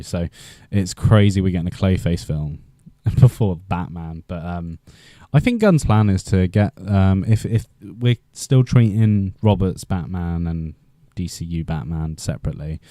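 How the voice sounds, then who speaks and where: A man's voice: sits low, dark tone, no room sound. A young Welsh man hosting a casual live stream, rambling in a chatty way with lots of fillers and restarts. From Wales. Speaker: livestream host.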